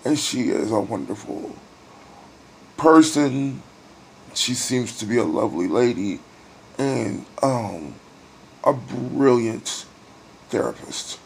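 A middle-aged man in a hospital room, weary and near tears, talking in a personal video diary with sighs and halting pauses. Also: mid-range voice, animated, creaky, slight background noise. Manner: emotional, sighing, halting. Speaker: vlogger.

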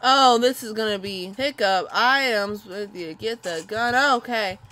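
A young woman commentating her gameplay with loud, excitable, cursing reactions and squeals. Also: medium pitch, unhurried, a little hiss or hum. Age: young adult. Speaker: gaming video host.

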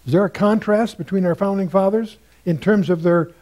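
A man's voice: high-pitched, a little fast, darkish tone. Older man teaching Bible study. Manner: musing, digressive, quotes scripture in a lifted voice.

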